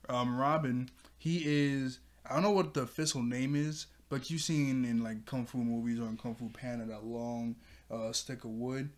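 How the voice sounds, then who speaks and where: A man's voice: medium pitch, a little mellow. A man hosting his own channel, casually recapping a cartoon episode with loose filler words and frequent laughs. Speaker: show reviewer and channel host.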